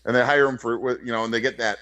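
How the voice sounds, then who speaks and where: A man from Chicago co-hosting a wrestling podcast, talking in rambling, halting casual banter. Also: mid-range voice, fairly even intonation, pushed and bright, highs cut off. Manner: rambling, halting, with frequent restarts and laughs.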